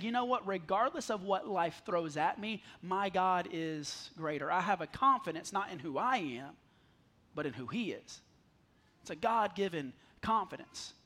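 High bright-voiced pastor preaching. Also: male voice. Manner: conversational, self-deprecating humor with the congregation. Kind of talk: sermon. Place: church sanctuary. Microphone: handheld or headset mic.

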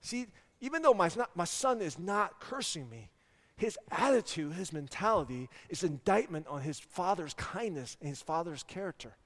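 A man in his forties preaches a sermon in a high, bright voice, firing rhetorical questions at the congregation. His words ring out with a long church reverb. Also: animated, moderate pace. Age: 40s. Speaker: pastor. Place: church sanctuary.

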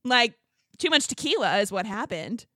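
Woman podcast cohost, chatty and animated, acts out quotes, fairly high voice, bright. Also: moderate pace, dry recording, studio quality. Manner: animated, laughs often, mimics people in quotes. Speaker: podcast co-host. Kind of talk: casual chat.

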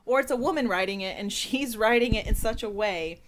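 Blunt, higher-voiced female co-host. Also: fairly quick. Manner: blunt, swears freely, laughs often. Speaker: podcast co-host. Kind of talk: casual comedic podcast chat. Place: podcast studio.

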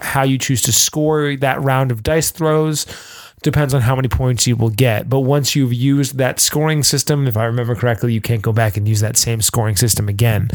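A man's voice: medium pitch, no echo. A man co-hosting a podcast, explaining game rules in casual chat, rambling with lots of fillers and restarts. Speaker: podcast co-host.

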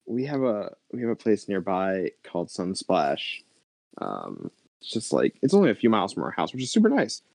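A man, a podcast guest, in casual chat, telling a story in an animated, reactive way. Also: low voice, moderate pace, vocal fry, no room sound.

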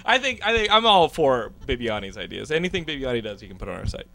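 A man's voice: mid-range voice, sing-song, gravelly, pushed and bright. A man hosting a casual podcast, teasing his guest and laughing often. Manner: teasing, laughing, quick interjections. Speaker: podcast host.

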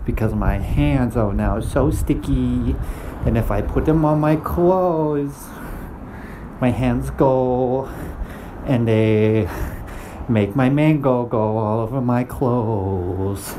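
A man's voice: mid-range voice, slow pace, background noise. Goofy man rambling while walking outdoors. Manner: goofy, laughing, playful sound effects. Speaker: podcast host. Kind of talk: rambling comedic monologue.

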